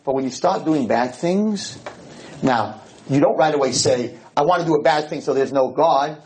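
A man, a rabbi, giving a storytelling lecture to an audience, animated and acting out the dialogue. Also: on the high side, moderate pace, a little hiss or hum, rough recording. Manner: animated, acts out dialogue, sprinkles in Hebrew and Yiddish terms.

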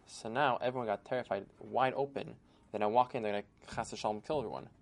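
A man telling a folk tale aloud in an animated manner, with sudden emphatic bursts. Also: on the low side, quick pace, gravelly. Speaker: storyteller. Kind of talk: oral storytelling.

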